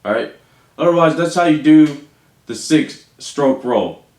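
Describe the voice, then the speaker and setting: A man teaching drum rudiments, calling out stickings and counting beats aloud slowly. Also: a little high, lively intonation. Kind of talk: instructional demonstration. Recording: echoey room with faint noise.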